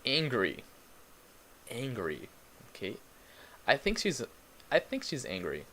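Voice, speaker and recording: A man leads a live online English lesson, speaking slowly and patiently. His pitch moves a lot as he repeats new words for learners and greets viewers in the chat by name. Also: huge pitch swings, a bit bright, slight background noise. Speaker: English teacher.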